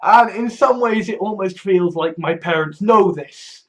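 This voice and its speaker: Rambling man, high voice. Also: unhurried, fairly bright tone. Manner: rambling, stumbling restarts, frequent swearing; wry, laughs often. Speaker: vlogger. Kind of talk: casual rambling monologue.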